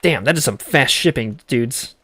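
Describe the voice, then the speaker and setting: A man's voice: mid-range voice, lively intonation, moderate pace, fairly bright tone, slightly rough, no echo. A man streaming a game, chatting casually with sarcastic joking asides. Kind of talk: casual let's-play commentary.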